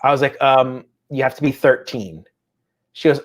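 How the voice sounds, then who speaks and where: A man in his thirties chatting casually as a co-host, with a middle-pitched, ordinary voice. He tells his stories with animation, jumping into voiced impressions of his family as he goes. The talk stays loose and conversational throughout. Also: fairly even intonation, normal speed. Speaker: podcast co-host. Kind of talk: casual chat.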